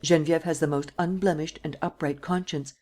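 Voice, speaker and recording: A woman's voice: sits low, fairly even intonation, brisk, a little mellow. A woman reading an audiobook and voicing an elderly woman, protective and anxious, who pleads with a tremulous, sometimes whispered voice. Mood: earnest.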